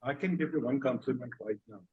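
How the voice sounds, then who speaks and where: Husky guy in an online class chiming in, a bit hesitant, thinking out loud. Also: mid-range voice, fast, narrow, tinny audio. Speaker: student. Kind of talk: casual class discussion.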